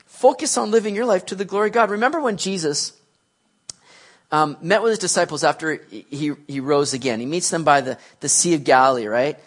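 A man preaching a sermon in a conversational, animated way, often restarting his sentences. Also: a little high, a little fast.

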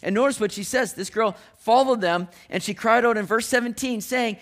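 A man's voice: high voice, expressive, brisk, fairly bright tone. A man preaching a sermon in a casual, conversational way, often restarting his phrases and dropping in modern slang.

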